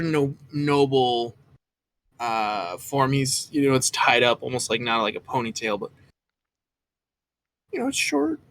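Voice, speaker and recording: A man runs a tabletop game as game master and narrates loosely. He hunts for words and fills the gaps with fillers. His voice is bright and sits at a middle pitch. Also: no room sound. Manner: loose, searching, with many fillers.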